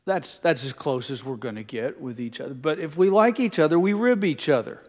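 A man's voice: a little high, a little fast. An older man gives a sermon in a folksy, teasing storyteller's manner, speaking to a gathered congregation. His voice carries a long reverb tail from the large hall around him. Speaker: pastor. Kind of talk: sermon with folksy family stories.

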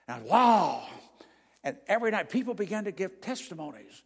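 Older man preaching with high, booming reverb. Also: very animated, moderate pace. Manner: dramatic storytelling, swinging from loud exclamations to hushed prayer. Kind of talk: evening sermon with personal testimony. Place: church sanctuary before a congregation. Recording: long reverb of a large hall.

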